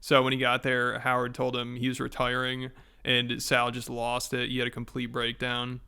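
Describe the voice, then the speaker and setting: A man's voice: medium pitch, monotone, normal speed, sharp tone, smooth. A man casually recapping a story for a commentary video, in a chatty, informal way.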